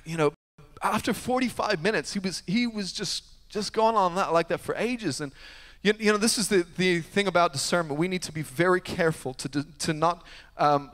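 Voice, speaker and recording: A male pastor preaching a sermon, telling a story with sudden shifts between loud, emphatic preaching and hushed asides. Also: fairly high pitch. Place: church sanctuary. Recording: long church hall reverb.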